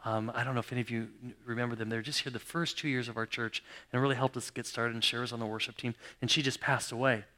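A middle-aged male pastor preaching a sermon, telling stories dramatically, jumping from loud exclamations to hushed, almost whispered lines. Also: mid-range voice, steady tone, fast talker, few pauses.

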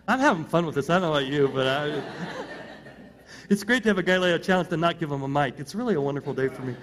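A middle-aged man preaching to a congregation in a fairly high voice. He speaks conversationally, tossing out rhetorical questions and restarting his phrases. The tone is personal and persuasive. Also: animated, fast talker, fairly bright tone. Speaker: pastor. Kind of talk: sermon.

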